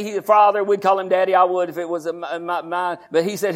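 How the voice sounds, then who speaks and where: High-voiced preacher shouting a sermon. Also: male voice, brisk, hardly any pauses. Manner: swings from quiet asides to high shouted preaching. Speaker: pastor. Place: church.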